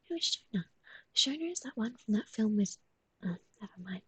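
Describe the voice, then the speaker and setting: Breathy whispering woman cooing baby talk. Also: medium pitch, animated, a little slow, pauses often, fairly bright tone, no echo, poor audio. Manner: sing-song improvised rhymes. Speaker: livestream host. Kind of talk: whispered livestream chat.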